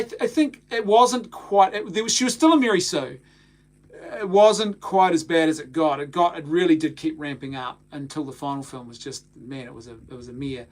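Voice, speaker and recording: A man from New Zealand with a New Zealand accent, hosting a casual live-stream chat and talking animatedly, often restarting and repeating words. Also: fairly high pitch. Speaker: host of a film talk stream.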